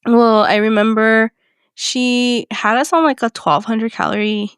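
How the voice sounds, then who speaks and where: Young woman chatting on a podcast, blunt and lively, dry close sound. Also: on the high side, unhurried, clean tone, dry recording. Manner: candid, animated, retells conversations. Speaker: podcast co-host. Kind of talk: casual chat.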